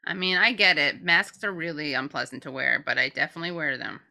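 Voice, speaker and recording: A woman's voice: low-pitched, fast, vocal fry, sharp tone. A woman co-hosting a casual commentary chat, blunt and profane, joking as she reacts. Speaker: co-host.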